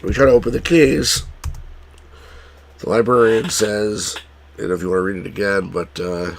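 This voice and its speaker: A man's voice: lowish voice, steady tone, moderate pace, gravelly, slight background noise. A man streaming a text adventure, talking hesitantly and grumbling about the puzzles. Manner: hesitant, many fillers and restarts, frustrated at the game. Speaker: streamer playing the game. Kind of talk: casual let's play commentary.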